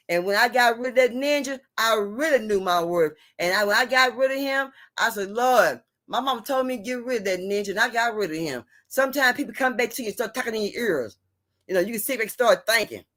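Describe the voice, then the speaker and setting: A woman's voice: on the high side, fairly bright tone. A middle-aged or older woman lecturing viewers on relationships in a blunt, preachy way, often asking if they hear her. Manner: preachy, repeats "you hear me?" and "you see what I'm saying?"; blunt and salty, drawn-out emphasis. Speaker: vlogger giving relationship advice. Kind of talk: emphatic advice rant to viewers.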